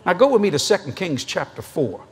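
A middle-aged man preaching a sermon at a convention, an animated, joking storyteller. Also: sits high, fairly quick, breathy edge.

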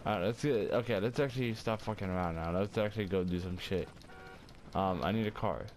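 A young man giving casual gameplay commentary, loud, excitable and cursing heavily, quick to get angry. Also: fairly low pitch, slight background noise. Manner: loud, excitable, heavy cursing, hot-tempered. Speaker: gaming streamer.

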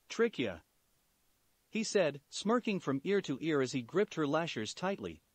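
Animated male story reader. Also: fairly high pitch, no echo. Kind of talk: fan story narration.

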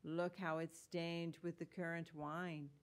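Reading at a slow pace in a fairly low, level voice, a woman plays a storybook hedgehog washerwoman. The character is fussy and deferential, with old-fashioned country speech and an eager, polite mood.

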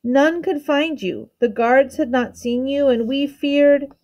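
A woman's voice: high voice, slow, darkish tone, pitched above the performer's own voice. A woman voicing a flustered, bowing court counselor. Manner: flustered, stuttering. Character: anxious, deferential male court counselor.

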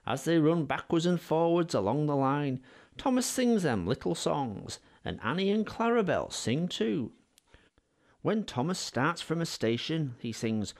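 Guy narrating a kids storybook, bouncy expressive voice, a bit high. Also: a little slow. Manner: expressive, animated.

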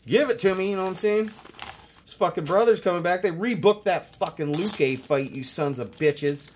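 A young man hosting a casual card-opening video, excitable and swearing constantly as he hypes each card. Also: high-pitched, normal speed, background noise. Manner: profane, excitable, hyped. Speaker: host opening sports cards.

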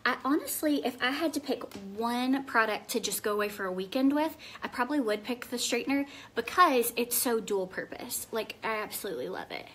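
A woman from Tennessee with a Southern accent, chatting casually on a live phone video, answering viewer comments and dropping to soft murmurs while she works. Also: fairly high pitch, expressive, fairly quick, hardly any pauses, slight background noise. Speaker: live-stream hair demonstrator.

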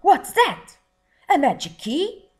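A woman doing a gruff, greedy circus man. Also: sits low, sing-song, slow, exaggerated voice. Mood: shouting. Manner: cross, loud and demanding.

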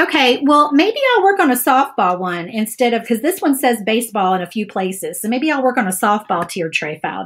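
A woman hosts a live crafting stream from her table, chatting casually and rambling with plenty of fillers. Her voice is mid-range and a bit bright, picked up through an overhead camera setup.

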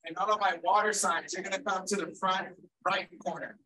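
A man leading a group activity at an event, energetic and playful as he calls out to the crowd. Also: sits high, brisk, recorded from a distance, low-quality recording. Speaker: workshop facilitator. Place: large event hall.

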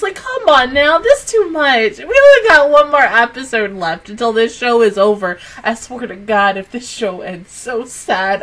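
A crying woman talks through her reaction to an episode in a high, bright voice. She laughs between words and exclaims often. It sounds like a casual solo chat at a desk mic. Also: distant mic, rough recording. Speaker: anime reaction video host.

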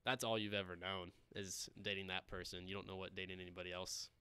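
A man's voice: low-pitched, little pitch movement, fast talker, bright, forceful tone, smooth, no echo. A man co-hosting a podcast, telling stories casually and agreeing often, with frequent chuckles.

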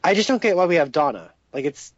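A man's voice: a little high, big pitch swings, fast, lo-fi sound. A young man co-hosting a casual podcast chat, offhand and mildly sardonic. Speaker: podcast co-host.

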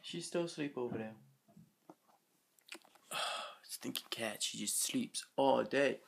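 A man's voice: mid-range voice, normal speed, gravelly. A young man vlogging in a rambling, playful, self-mocking way from his home floor. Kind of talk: casual chat vlog.

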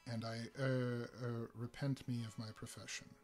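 A man voicing a weary giant alien scout who speaks formally, slowly and without feeling. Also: mid-range voice, flat delivery, soft background music, lightly acted. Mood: resigned. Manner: slow, quiet, formal and dispassionate.

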